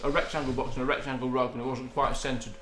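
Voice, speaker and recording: A man trading jokey, mock-exasperated banter as he co-hosts a relaxed podcast at home. His voice sits at an ordinary pitch, and the room gives it a noticeable echo with a faint hiss underneath. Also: quick pace. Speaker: podcast co-host. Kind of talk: casual chat. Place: at home, early morning. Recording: roomy echo.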